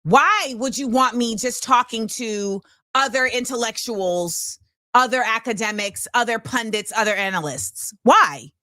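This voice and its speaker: Woman host, emphatic and forceful commentary, high bright voice, dry close sound. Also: unhurried, dry recording. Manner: forceful, emphatic, repetitive rhetorical phrasing. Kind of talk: impassioned commentary monologue.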